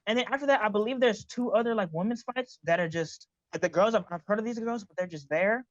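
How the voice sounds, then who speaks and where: Young male podcast co-host: high voice, rapid, excitable, stumbling delivery, dry lo-fi sound. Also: dry recording. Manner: excitable, stumbling repeats, slangy. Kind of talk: casual chat.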